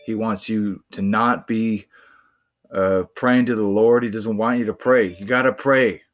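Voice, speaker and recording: A man's voice: lowish voice, steady tone. A man vlogging, preaching in a rambling monologue that halts and restarts often. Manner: halting, full of fillers and restarts.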